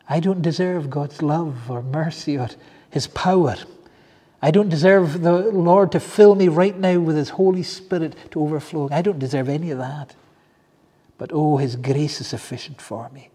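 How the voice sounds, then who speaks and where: A man preaching in an earnest, pleading tone that builds through repeated phrases. His voice sits fairly high for a man, with a soft, husky edge and a mellow, dark tone. Long reverb trails each phrase, as if he is in a large hall. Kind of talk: sermon.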